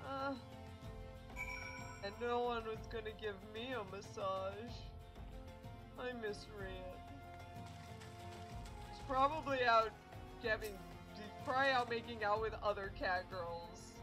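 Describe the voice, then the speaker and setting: A woman's voice: a little high, unhurried, pauses often, over music, low-quality recording. A young woman casually commenting on a game as she plays, rambling and chatty. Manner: rambling, chatty, self-interrupting. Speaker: let's play streamer.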